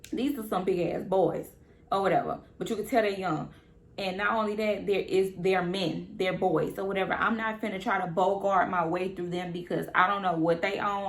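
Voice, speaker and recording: A young woman vlogger telling a story in casual, slangy talk, animated and repeating her phrases. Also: mid-range voice.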